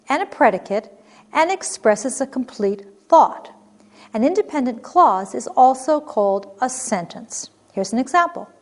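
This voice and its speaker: A woman teaching a recorded grammar lesson, reading example sentences clearly and expressively, then explaining them. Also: fairly high pitch.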